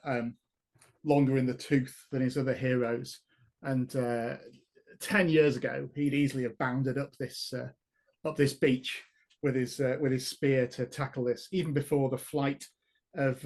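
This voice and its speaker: A man describing his hero's actions as a player in a tabletop game, hesitant with many fillers. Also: medium pitch. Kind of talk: casual tabletop play.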